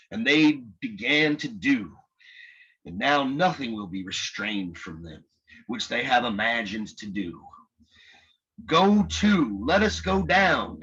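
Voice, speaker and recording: A husky-voiced man voicing a fiery male revival preacher with an American Southern accent, declaiming scripture loudly. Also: medium pitch, highs cut off, heavily acted.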